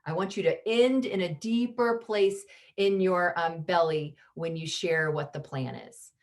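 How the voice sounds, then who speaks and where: A middle-aged woman coaching parents over a video call, teaching lively and acting out the lines a parent might say. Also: on the low side, a little slow. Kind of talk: online parenting workshop.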